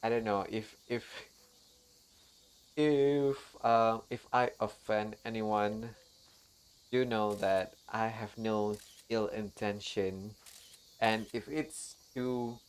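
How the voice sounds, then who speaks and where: A woman's voice: rumbling low, fairly even intonation, slow pace, clean tone. A woman streamer chatting casually while playing, laughing often and apologizing to her viewers. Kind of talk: casual gaming stream chat. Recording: faint game music behind.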